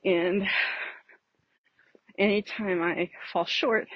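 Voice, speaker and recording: A woman with a husky, slightly breathy voice, winded from walking uphill. She rambles and restarts with frequent laughs, recorded dry and close on a phone outdoors. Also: medium pitch, fairly even intonation, drawn-out words, no echo, dull audio. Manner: rambling, self-interrupting, laughing often. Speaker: vlogger. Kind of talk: casual reflective talk while walking. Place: outdoors on a street.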